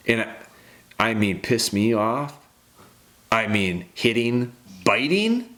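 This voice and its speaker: A man's voice: on the low side, steady tone, slow, noisy background. A man in his thirties hosting a dog-training podcast, ranting bluntly and emphatically, with restarts.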